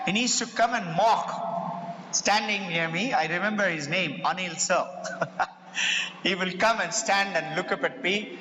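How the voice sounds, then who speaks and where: A high-pitched, bright-voiced man with an Indian English accent, speaking to parents as school president. He tells stories with lively acted-out quotes, and his voice rings through a large echoey hall with faint background ambience. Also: a little hiss or hum. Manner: animated storyteller, acts out quoted voices. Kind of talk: motivational talk with personal stories. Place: large hall before an audience.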